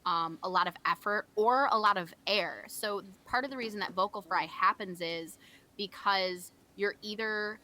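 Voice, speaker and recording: A woman's voice: mid-range voice, normal speed, pushed and bright. A young woman co-hosting a game stream, explaining singing technique casually with many fillers. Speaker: co-host.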